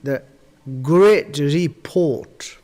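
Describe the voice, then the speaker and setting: A man giving a Buddhist teaching on a livestream, talking in a halting way, searching for words and often restarting. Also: fairly high pitch, dark tone, soft background music. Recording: long reverb.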